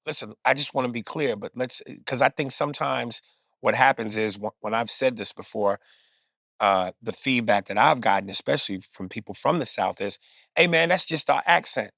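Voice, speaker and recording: A man with a New York accent, a comedian and podcast guest, telling stories in lively, profane conversation. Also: medium pitch, moderate pace, gravelly, dry recording, clean studio sound. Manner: animated comic storytelling, profane. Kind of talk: casual conversation.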